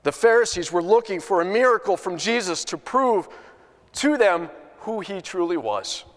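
A man's voice: high-pitched, very animated, moderate pace, big-room sound. A man preaching a sermon, telling a story in an earnest way with many restarts. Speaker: pastor.

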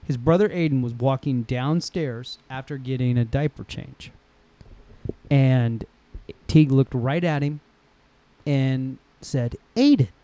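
A middle-aged man on a podcast, telling a casual anecdote with animated asides. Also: medium pitch, slow, no echo. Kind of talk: casual storytelling.

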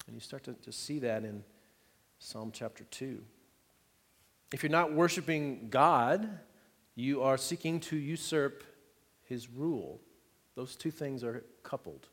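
A man's voice: mid-range voice, long reverb tail. A man preaching a sermon as pastor, in a conversational style with light humor and frequent rhetorical checks to the congregation.

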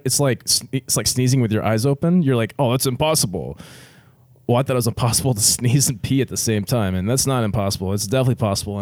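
A man's voice: mid-range voice, darkish tone, no echo. A man casually telling a story on a podcast, laid-back and profane, often laughing through his words. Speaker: military veteran guest telling a story.

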